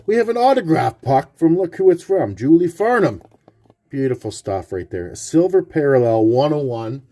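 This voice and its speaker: A man hosting a card-collecting vlog, chatty and rambling, swinging from hushed awe to loud excited outbursts. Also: a little high, normal speed, slight background noise. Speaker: card-collecting channel host.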